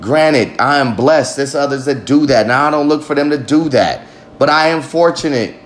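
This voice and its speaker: A man's voice: mid-range voice, moderate pace. A man hosting a podcast, talking in a rambling, profane, emphatic monologue. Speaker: podcast host. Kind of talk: casual monologue.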